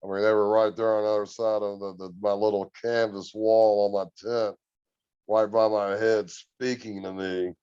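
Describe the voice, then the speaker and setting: A man guest on a podcast, telling a story in an earnest, relaxed, drawn-out way. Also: lowish voice, clear, resonant tone, no room sound, muffled recording. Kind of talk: casual storytelling.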